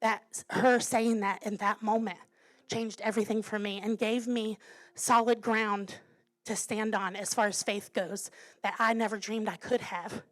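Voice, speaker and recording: A woman's voice: medium pitch, fairly even intonation, a little slow. A woman pastor in her thirties preaching a sermon, telling a personal story earnestly and building to emphatic declarations.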